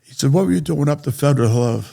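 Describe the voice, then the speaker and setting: A man telling a story in a blunt, profane, animated way as an interview guest. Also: fairly high pitch, fast, gravelly. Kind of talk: casual storytelling.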